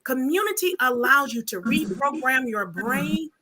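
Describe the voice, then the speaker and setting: A woman's voice: high-pitched, lively intonation, unhurried, pushed and bright, rough recording. A woman on a discussion panel, speaking in an emphatic, motivational way. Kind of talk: earnest group discussion.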